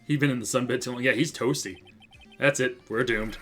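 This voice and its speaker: A man's voice: medium pitch, steady tone, normal speed, a bit bright, soft background music. A man streaming a video game, making offhand joking asides in casual commentary.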